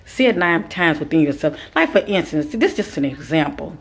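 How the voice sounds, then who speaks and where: Husky woman giving spiritual advice. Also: low voice, lively intonation, fairly quick. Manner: repetitive, preacher-like cadence; addresses listeners as kings and queens. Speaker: spiritual teacher.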